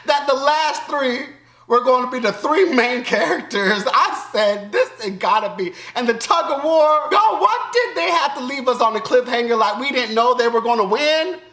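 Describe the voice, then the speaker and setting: A man with a Southern US accent giving animated, joking commentary as a YouTube reaction host, breaking into loud outbursts and laughter. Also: very high voice, normal speed, echoey room. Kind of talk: casual commentary.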